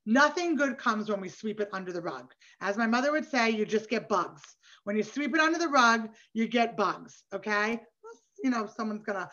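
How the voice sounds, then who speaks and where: A woman's voice: on the high side, fairly bright tone, highs cut off. Conversational woman leading an online workshop. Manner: conversational, encouraging, frequent "right?" and "you know". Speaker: workshop facilitator.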